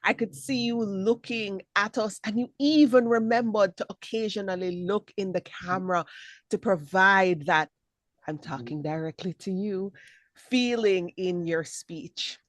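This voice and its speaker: A woman giving spoken feedback as a speech evaluator on a video call, encouraging and lively, acting out examples as she talks. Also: medium pitch, a little slow, dry recording. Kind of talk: spoken feedback at an online meeting.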